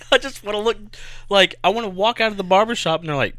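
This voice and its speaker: A man's voice: high-pitched, wildly swooping pitch, normal speed, a bit bright, dry recording. A man in his thirties co-hosting a podcast, telling crude, self-mocking stories in casual comedic chat. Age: 30s. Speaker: podcast co-host.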